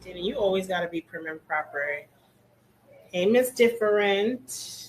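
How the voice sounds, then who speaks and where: Slow, chatty woman hosting a live stream. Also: fairly low pitch, poor audio. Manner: chatty, greets each viewer by name, relaxed slang. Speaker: hair care instructor hosting a class. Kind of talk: casual live-stream chat greeting viewers. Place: indoor room with air conditioning.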